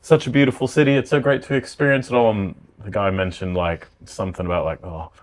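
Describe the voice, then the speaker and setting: A man with a low, deep voice, chatting on a podcast. He tells stories and explains things in a lively, easygoing way, like a relaxed host among friends. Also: fast. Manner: chatty, animated storyteller. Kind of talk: casual chat.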